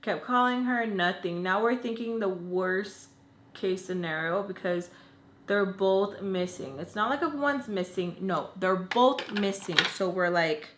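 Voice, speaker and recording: A young woman vlogger telling a long story in casual chat, animated and full of "like", acting out angry phone calls. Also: medium pitch, unhurried. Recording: echoey room, faint noise.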